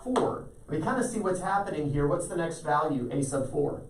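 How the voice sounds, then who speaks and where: A man with a fairly high, expressive voice teaches a math class at normal speed, walking through each step patiently and calling on students by name. It's a classroom lecture, recorded from a distance in an echoey room.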